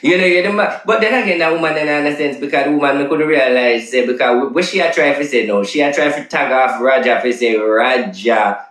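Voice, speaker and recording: A man's voice: medium pitch, a little fast, a bit bright, reverberant, rough recording. A man with a Jamaican accent, a self-styled prophet vlogger, talking insistently and repeating himself as he makes his case. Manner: insistent, repetitive, emphatic. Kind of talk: casual ranting commentary.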